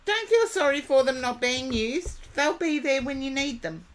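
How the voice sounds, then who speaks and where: A woman reading tarot live for viewers, chatty and reassuring, talking to them by name, her voice going a little hoarse. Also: high voice, very animated, moderate pace, slight background noise. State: losing her voice. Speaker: tarot reader.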